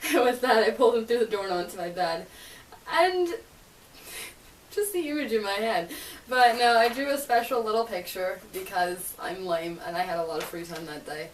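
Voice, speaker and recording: A woman's voice: mid-range voice, normal speed, long pauses. Giggly young woman vlogging in a roomy space. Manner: giggly, chatty, sarcastic asides. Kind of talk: casual vlog chat and reading aloud. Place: bedroom, spinning in a chair. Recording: roomy, distant, faint hiss.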